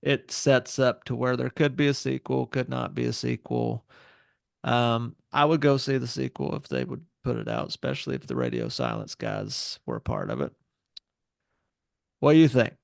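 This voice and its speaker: Gravelly-voiced man chatting on a podcast. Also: mid-range voice, normal speed, no echo, studio quality. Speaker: podcast co-host. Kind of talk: casual film review chat.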